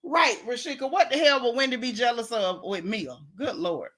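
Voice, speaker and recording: A woman, hosting a casual gossip recap of a reality show, sassy and animated, reading chat comments aloud. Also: a little high, normal speed.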